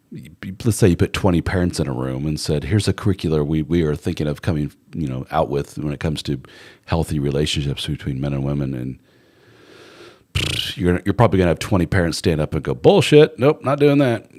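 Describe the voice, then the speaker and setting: A middle-aged man with an extremely low, deep voice talks through viewer questions on a live stream. He rambles in a loose, conversational way as a relationship coach. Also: gravelly, a little mellow. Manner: rambling and conversational with fillers, reads out viewer comments. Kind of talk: casual live chat answering viewer comments.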